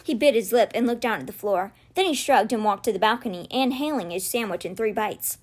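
A woman reading a children's novel aloud in a steady, gentle storytelling manner. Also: medium pitch, brisk. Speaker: read-aloud podcast host.

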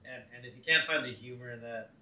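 A laid-back man chats on a podcast about a cartoon episode, agreeable and quick to laugh. His voice sits at a middle pitch. The recording carries a roomy echo. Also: sharp tone. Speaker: podcast co-host. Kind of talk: casual chat recapping a cartoon episode.

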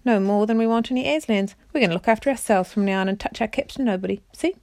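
A woman's voice: medium pitch, fast talker, a little mellow, dry recording, pitched above the performer's own voice, lightly acted. A woman voicing a surly, sneering male dwarf in a storybook reading, blunt and mocking. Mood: scornful.

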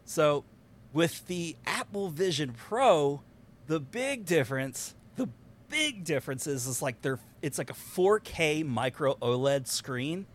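A man hosting a podcast, talking in an animated, rambling casual way and laughing often. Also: on the high side, slow. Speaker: podcast host. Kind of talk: excited casual chat.

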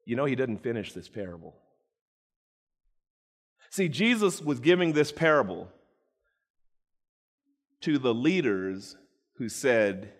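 Dramatic storytelling preacher, slow and animated, echoing hall. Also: male voice, medium pitch. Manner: dramatic storytelling, jokes with the congregation. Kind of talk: sermon. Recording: echoey hall.

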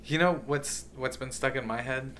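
Young man, bright forceful voice, casual teasing chat, faint background noise. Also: medium pitch, moderate pace. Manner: relaxed, teasing, trailing off mid-sentence. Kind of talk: casual chat among friends.

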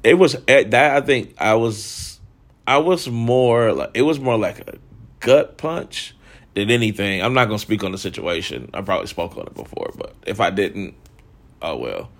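In a lowish voice with lively intonation and normal speed, a man in his thirties hosts a candid monologue about himself. He's reflective and blunt, swearing often and filling his speech with "like".

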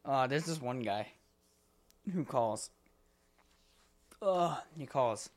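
A man co-hosting a podcast in casual chat, telling animated stories and laughing often. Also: medium pitch, slow pace. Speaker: podcast co-host.

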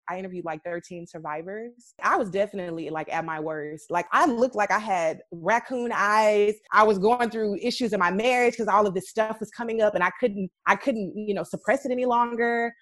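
A woman guest in a casual interview, telling her story with lively energy and acting out the voices in it. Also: medium pitch, no room sound. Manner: animated storyteller, acts out quoted dialogue.

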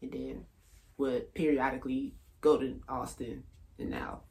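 A man in his thirties, a stand-up comedian chatting on a podcast, laid-back and halting, laughing often. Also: medium pitch, very animated, darkish tone, slight background noise. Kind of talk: casual podcast chat.

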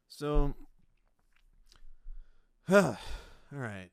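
Comedian guy rambling solo into the mic, self-mocking, lots of false starts, smooth clear voice, super dry room. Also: mid-range voice, unhurried, long pauses, no room sound. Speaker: comedian, podcast host. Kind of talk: solo rambling podcast monologue.

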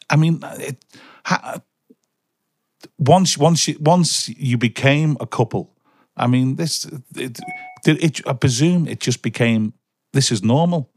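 A man hosts a podcast interview, working through long questions in halting bursts with plenty of restarts. His voice sits at a middle pitch and sounds dry and close. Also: no echo. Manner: hesitant, many restarts. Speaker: podcast host.

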